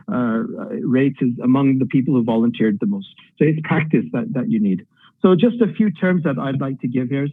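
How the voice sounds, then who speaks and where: A man's voice: medium pitch, dry recording, narrow, tinny audio. A middle-aged man from Pakistan, a radiology tutor giving direct exam advice in an online lecture, thinking aloud with fillers.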